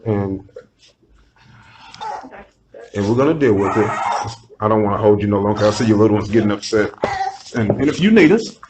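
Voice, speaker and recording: A man's voice: on the low side, expressive, moderate pace, pauses often, background noise. A male police officer speaking reassuringly and often restarting his words. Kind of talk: recorded conversation.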